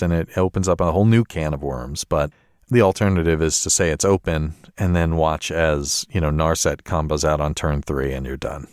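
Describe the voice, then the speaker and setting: Man, low voice, dry close mic. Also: a little mellow, smooth, no room sound. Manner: chatty, self-deprecating, laughs often. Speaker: podcast co-host. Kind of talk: casual podcast chat.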